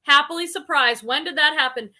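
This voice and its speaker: A woman's voice: high voice, a little fast, bright, forceful tone. A woman hosting a casual live stream, reading viewer comments aloud and chatting about them. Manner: chatty, reads comments aloud then reacts.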